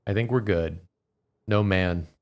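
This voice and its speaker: A man from Georgia with a fairly low voice, chatting casually as a game stream co-host. He tells stories in an easygoing, relaxed way. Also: a little slow. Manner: relaxed storytelling. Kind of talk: casual let's-play chat.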